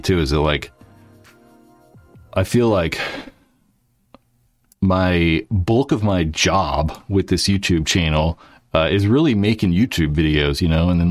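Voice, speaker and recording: A man's voice: sits low, no echo. A man hosting his YouTube channel, chatting casually to viewers in a rambling way, with lots of fillers and swearing. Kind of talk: casual livestream chat.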